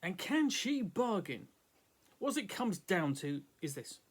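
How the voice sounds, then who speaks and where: A man reading a terse gruff adventurer. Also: high voice, sing-song, slow, voice pushed up, heavily acted. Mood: matter-of-fact. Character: laconic, gruff male adventurer.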